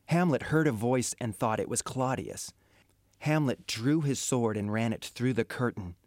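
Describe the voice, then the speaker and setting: A man narrating a story in a steady storytelling manner. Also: mid-range voice, normal speed, dry recording, studio quality.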